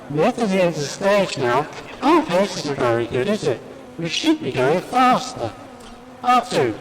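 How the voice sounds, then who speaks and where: A man's voice: on the high side, long reverb tail, pitched above the performer's own voice, poor audio. A man doing C-3PO, a fussy prim droid. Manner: fussy, prissy, complaining. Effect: robot voice filter.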